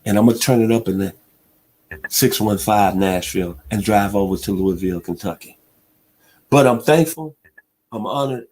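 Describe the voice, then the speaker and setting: A man, hosting a sports talk radio show in an emphatic, heartfelt monologue. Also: lowish voice. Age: 60s. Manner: emphatic, preacher-like delivery with heartfelt shout-outs.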